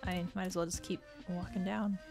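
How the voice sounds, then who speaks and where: A woman hosting a casual let's-play, chatty and excitable, gasping and reacting aloud as she plays. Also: on the low side, fairly quick, creaky, faint music behind. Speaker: gaming channel host.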